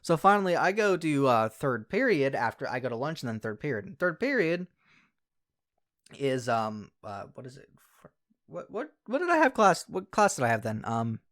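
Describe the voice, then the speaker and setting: A man's voice: medium pitch, very animated, normal speed, a bit bright. A young man casually telling a story from his school days for a vlog, rambling, swearing often and correcting himself mid-sentence. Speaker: YouTuber.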